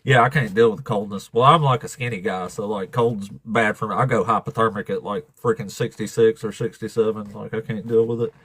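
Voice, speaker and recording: A man's voice: fairly low pitch, steady tone, fairly quick, few pauses, a bit bright, slightly rough, dry recording. A man with an Alabama accent hosting a live stream, talking casually and bluntly, swearing freely and laughing often. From Southern US.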